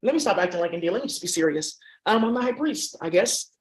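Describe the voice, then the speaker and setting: A woman's voice: lowish voice, lively intonation, fast talker. A woman vlogger talking in a rambling, profane monologue that jumps between topics.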